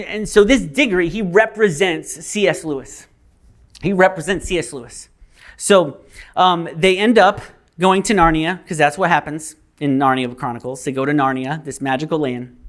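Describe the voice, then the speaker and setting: A man's voice: a little high, fairly bright tone. A male pastor giving a sermon, telling a story casually with fillers.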